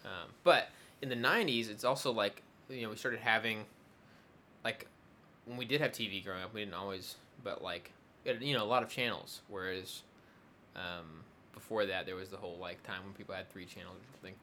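A man's voice: on the low side, fairly quick, bright, forceful tone, slight background noise. A young adult man in casual conversation, rambling with many fillers and restarts. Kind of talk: casual chat.

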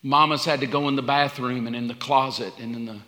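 A man preaching a sermon as pastor, building repeated appeals and sometimes dropping to a hushed whisper. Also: medium pitch, fairly even intonation, brisk. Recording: echoey hall.

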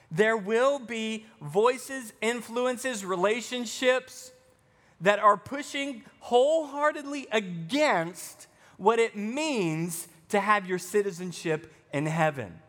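A man with a light Arkansas Southern accent preaches from the pulpit, mixing scripture with easy, joking asides. His voice sits high for a man, and it rings out with a long reverb through the church. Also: a bit bright. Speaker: pastor. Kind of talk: sermon.

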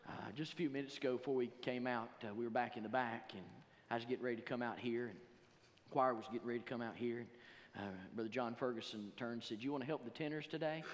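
A man preaching a sermon in a church, reading scripture slowly and building to loud emphatic passages. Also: medium pitch, big-room sound, slight background noise. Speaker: pastor. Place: church sanctuary.

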